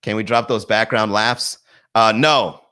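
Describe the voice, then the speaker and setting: A man's voice: on the low side, fairly even intonation, unhurried, bright, forceful tone, smooth. A young adult man doing comedy on a live stream from his garage, riffing loosely and laughing at his own jokes. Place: home garage.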